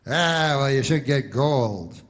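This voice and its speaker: A man voicing a loud, pushy male TV pitchman who is selling gold. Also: lively intonation, takes it slowly. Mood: hard-selling.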